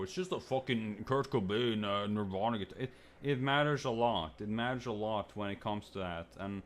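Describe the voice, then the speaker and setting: A man's voice: moderate pace, slight background noise. A young man streamer venting in a rambling, frustrated way, swearing and stammering through restarts. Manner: jumps to high, loud mimicking when quoting others.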